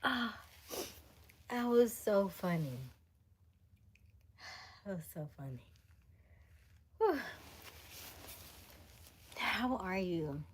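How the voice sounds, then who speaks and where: Woman livestream host, young adult, unhurried, lively pitch, laughs a lot. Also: a little hiss or hum. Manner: laughs often, reads and answers chat names. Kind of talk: casual livestream chat with viewers.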